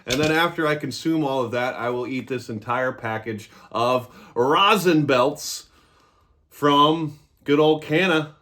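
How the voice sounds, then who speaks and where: A man's voice: mid-range voice, measured pace, sharp tone. Casual man hosting a review vlog. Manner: joking, irreverent. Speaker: cannabis reviewer.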